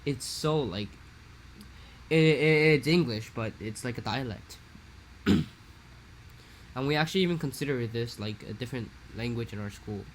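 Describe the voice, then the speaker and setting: Young man, casual podcast talk, rambling animated storytelling, mid-pitched voice, faint background hiss. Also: normal speed, pauses often. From Hawaii. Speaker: podcast co-host.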